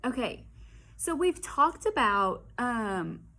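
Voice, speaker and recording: A woman's voice: on the high side, big pitch swings, slow, pushed and bright. A woman teacher summarizing a story for her class, explaining patiently with frequent hesitations.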